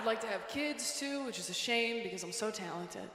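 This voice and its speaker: A woman performing a stand-up comedy set in a theater, animated, breaking into shouted character bits. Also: medium pitch, normal speed, very noisy. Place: theater stage before an audience. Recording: echoey hall with long reverb.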